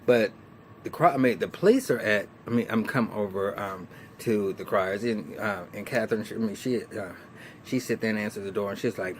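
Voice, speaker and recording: A man's voice: on the low side, fairly quick, slight background noise. A man casually recapping and reviewing a TV episode, chatty and colloquial, with frequent restarts and laughter.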